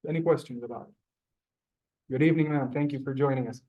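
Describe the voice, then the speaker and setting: A man teaching a live beginners' Hebrew class, halting and repeating words, polite to his students. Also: mid-range voice, steady tone, muffled recording.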